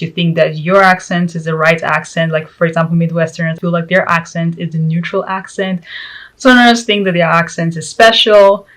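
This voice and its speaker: A woman's voice: on the low side, fairly bright tone, low-quality recording. A woman vlog host chatting casually to camera, joking and laughing between points, with Spanish as her first language.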